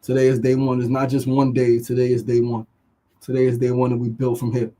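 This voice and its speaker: A New York podcast host leads a motivational livestream, speaking passionately, swearing often, and repeatedly asking "right?" His medium-pitched voice is monotone, dark, and a little fast, captured in a low-quality recording.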